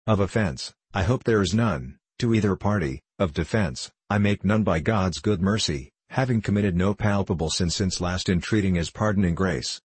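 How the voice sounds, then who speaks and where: A man's voice: sits low, husky. A man reading as a solemn wordy singing master. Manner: formal, wordy old-fashioned speech. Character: solemn, long-winded male psalm-singing teacher.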